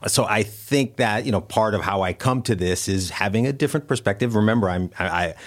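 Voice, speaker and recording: A man's voice: on the low side, a little fast. A man, a doctor guest on a podcast, talking bluntly with stammered restarts. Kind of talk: casual podcast chat.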